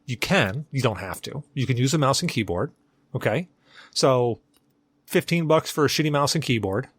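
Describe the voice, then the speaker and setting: A husky, slightly bright male voice of medium pitch, with lively intonation and a moderate pace, recorded with no room sound. He co-hosts a casual gaming podcast and argues his point step by step.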